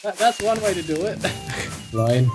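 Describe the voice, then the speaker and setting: A man's voice: sits high, sing-song, unhurried, over music. A man playing a video game, talking casually and urgently cheering on his partner. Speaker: gamer. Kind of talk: casual gaming commentary.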